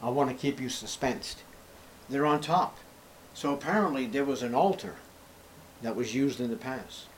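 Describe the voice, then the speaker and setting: A man preaching a sermon with dramatic storytelling, loud emphatic bursts and sarcastic rhetorical questions. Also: mid-range voice, normal speed, pauses often, a little hiss or hum. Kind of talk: expository sermon.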